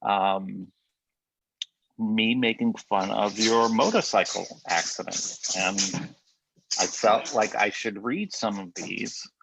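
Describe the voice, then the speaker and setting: A man co-hosting a casual podcast, teasing his friend in a deadpan way, with a slight lisp from a bitten tongue. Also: on the low side, slow, creaky, noisy background. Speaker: podcast co-host. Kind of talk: casual joking chat.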